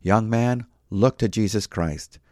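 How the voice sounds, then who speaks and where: An emphatic lay preacher, read by a man who keeps repeating his plea to sinners. The voice sits very low and is recorded dry, with no room around it. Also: takes it slowly, dark tone, no room sound. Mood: urgent.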